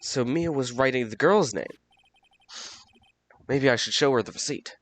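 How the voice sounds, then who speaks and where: A man's voice: medium pitch, moderate pace. A man reading a game's dialogue aloud, with chatty asides about his own voices and audio. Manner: chatty, self-commenting asides. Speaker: game narrator.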